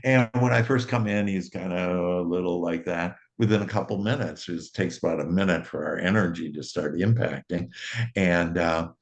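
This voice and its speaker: A man's voice: deep voice, moderate pace, muffled recording. A middle-aged man hosting a casual conversation, rambling through stories with many fillers and restarts. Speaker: host.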